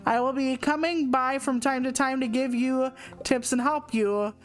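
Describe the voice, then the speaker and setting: Woman doing a smug floating book guy, cheeky guide in a cozy game, high voice. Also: fairly even intonation, normal speed, natural voice. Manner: snarky, smug shopkeeper's guide. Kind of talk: reading game dialogue aloud.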